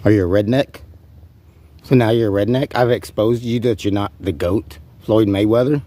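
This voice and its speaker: A man with a husky, slightly rough voice delivers a rambling, profane rant straight to camera. He taunts and challenges an unseen rival as he goes. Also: lowish voice, moderate pace, mellow. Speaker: vlogger.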